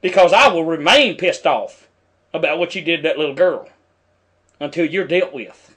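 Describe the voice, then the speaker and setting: A man's voice: a little high, normal speed, fairly bright tone, breathy edge. A middle-aged man, angrily commenting over a news clip and talking back at the screen in a preachy, heated way. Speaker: video commentator.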